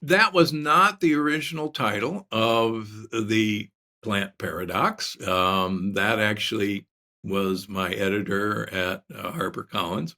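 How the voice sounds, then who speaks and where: Low, forceful older man telling stories. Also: slow pace. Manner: animated storyteller with many restarts. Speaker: guest, doctor. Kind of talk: casual interview storytelling.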